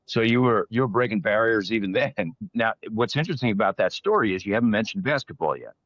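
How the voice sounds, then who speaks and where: A man's voice: on the low side, lively intonation, fast talker, a bit bright, no room sound, highs cut off. A man hosting a casual interview, asking questions and giving short, encouraging reactions.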